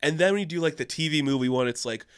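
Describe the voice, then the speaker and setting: A man with a bright, forceful, fairly high voice talks through a film review in a loose, chatty way. He leans on filler words and climbs into loud, exasperated outbursts. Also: fast, clear, resonant tone. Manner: animated, lots of "like" fillers, gets loudly indignant. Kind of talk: casual film review monologue.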